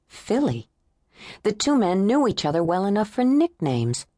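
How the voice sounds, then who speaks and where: A woman narrating an unabridged thriller audiobook in a measured, tense storytelling manner. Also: mid-range voice, big pitch swings, warm tone, no room sound, studio quality. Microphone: close studio mic.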